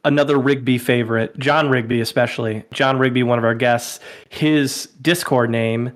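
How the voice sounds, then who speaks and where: A man's voice: medium pitch, moderate pace. A man hosting a podcast, chatting casually about movies and laughing often. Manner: animated, laughs often, slips into playful impressions. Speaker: podcast host. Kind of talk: casual film-discussion chat.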